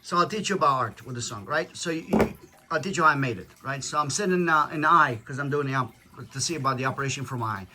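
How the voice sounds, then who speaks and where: A man's voice: mid-range voice, animated, fast talker, noisy background. A father talking casually to his family about how he made a song, rambling with many restarts and tag questions. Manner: rambling, repeats "right?", restarts.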